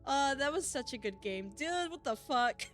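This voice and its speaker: A woman's voice: high-pitched, lively intonation, moderate pace, soft background music. A young woman live-streaming a video game, reading its text aloud and chatting casually and emotionally with her viewers, laughing and swearing often.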